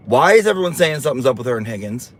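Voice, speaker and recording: A man's voice: medium pitch, sing-song, racing. A man hosting a casual livestream, reading viewer comments aloud and teasing them in a sassy, campy way.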